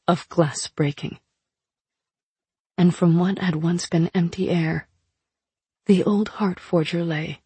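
Female audiobook narrator, lowish voice, breathy and dry. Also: mellow, no echo. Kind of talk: scripted narration.

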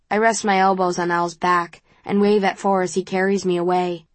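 A woman reading a novel aloud in the first person, in a calm and measured way. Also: fairly low pitch, no room sound. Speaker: audiobook narrator.

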